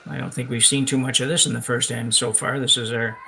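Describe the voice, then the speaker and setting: Brief: male curling commentator, gravelly bright voice, chatty and rambling, faint hiss behind. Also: mid-range voice, flat delivery, brisk, rough recording. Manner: chatty, rambling, self-correcting. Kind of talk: live sports commentary, casual chat. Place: curling club, indoors.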